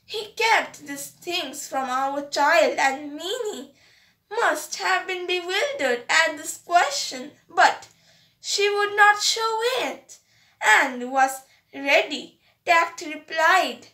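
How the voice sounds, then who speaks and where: Woman, Indian English accent, audiobook story reading, very high bright voice, echoey room. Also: lively intonation, slow. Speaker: audiobook narrator. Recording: roomy echo.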